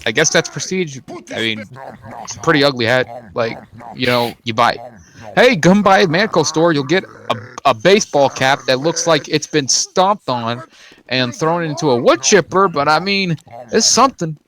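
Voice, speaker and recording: A man's voice: a little high, normal speed, fairly bright tone. Joking male play-by-play caster. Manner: joking, rambling asides. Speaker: esports commentator. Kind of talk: casual play-by-play commentary.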